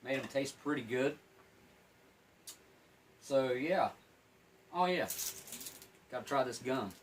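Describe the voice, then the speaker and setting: A man's voice: medium pitch, steady tone, measured pace, a little hiss or hum, low-quality recording. A plain-spoken man giving a casual, rambling food review while eating and smoking, sometimes talking with his mouth full. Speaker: MRE reviewer.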